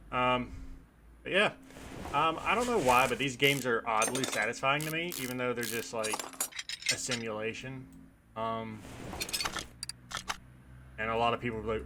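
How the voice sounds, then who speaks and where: A man casually commenting while playing a game, relaxed and rambling with playful asides. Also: medium pitch, a little slow, pauses often, background noise. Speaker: gaming video host.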